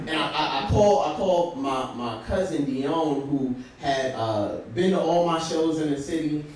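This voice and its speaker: Brief: young man from Brooklyn, lively storyteller onstage, voice rides high and roams, caught from off mic. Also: a little slow, hardly any pauses, distant mic. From Brooklyn, New York. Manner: animated, laughs through his telling. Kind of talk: live comedic storytelling. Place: theater stage before a live audience. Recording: very echoey theater, from off mic.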